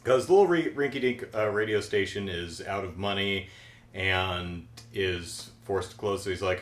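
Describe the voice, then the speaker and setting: A man's voice: low voice, moderate pace. A middle-aged man recapping a cartoon episode in a casual, jokey, rambling way. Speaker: show recap host. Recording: roomy echo.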